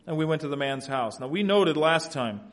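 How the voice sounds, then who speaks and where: Animated higher-voiced male preacher. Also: moderate pace. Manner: animated, swings from hushed asides to loud emphatic preaching; folksy family anecdotes, laughs at own stories. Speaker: pastor. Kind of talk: expository sermon.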